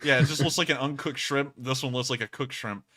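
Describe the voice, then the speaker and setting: A man's voice: medium pitch, steady tone, brisk, a bit bright. A young man hosting a casual livestream, thanking donors with laughter and rambling asides. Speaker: livestream host.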